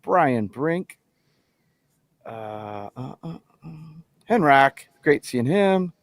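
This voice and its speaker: Man, co-host, lively casual chat, plain mid-pitched voice, dry close sound. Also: drawn-out words, no room sound. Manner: animated, laughing, reading out viewer names. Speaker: co-host of a livestream show.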